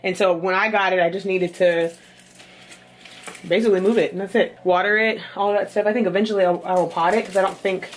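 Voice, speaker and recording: A woman chatting casually in a home vlog, animated, her voice jumping high when she exclaims. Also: fairly quick, a little hiss or hum. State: a bit out of breath. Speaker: vlogger. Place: apartment rooms, moving around.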